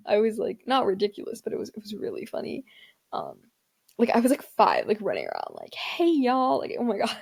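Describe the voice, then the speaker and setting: A woman's voice: medium pitch, creaky, a little mellow. A young woman hosting a casual solo podcast, rambling with many filler words and frequent laughs. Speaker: podcast host.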